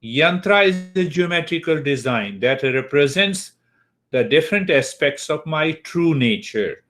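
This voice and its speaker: A man with a slightly high, somewhat bright voice teaches Eastern wisdom at a measured pace, sounding animated. It's a spiritual lecture for an online class on a computer mic, full of repeated key words and frequent check-ins with the listeners.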